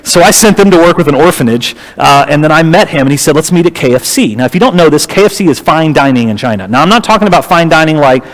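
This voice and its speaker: Male guest preacher, slightly high voice, animated and humorous storytelling, long church reverb. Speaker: guest lecturer. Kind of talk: storytelling sermon. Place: church auditorium. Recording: reverberant hall.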